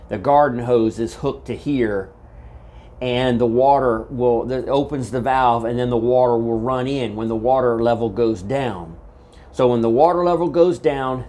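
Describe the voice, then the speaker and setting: A man's voice: medium pitch, a little mellow. A man walking through his homestead project in a casual how-to video, rambling and correcting himself as he goes, holding a handheld microphone. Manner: rambling, halting, with frequent uhs and self-corrections. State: out of breath. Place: outdoor homestead fodder house.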